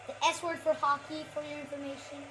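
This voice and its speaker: A woman giving excited live commentary over a hockey video game, trash-talking and breaking into shouts and whoops. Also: high-pitched, brisk, slight background noise. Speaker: gaming channel host.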